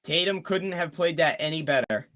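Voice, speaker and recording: Excitable young male fan commentator. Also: a little high, moderate pace. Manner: excitable, rooting for one team, groans and cheers. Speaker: play-by-play commentator.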